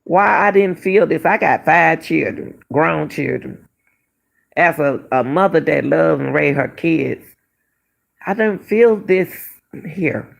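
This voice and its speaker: Slow, gravelly middle-aged woman commentator. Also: lowish voice, lively intonation. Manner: emphatic, repeats phrases, fires rhetorical questions. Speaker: commentary channel host. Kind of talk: casual commentary on a missing-person case.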